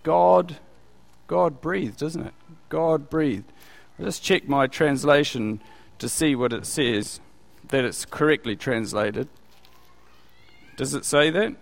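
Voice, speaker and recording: A preacher with a slightly raised voice, on the high side and creaky, teaches from the Bible slowly, with long pauses and a long hall reverberation around him. His manner is relaxed and conversational, and he asks his listeners questions.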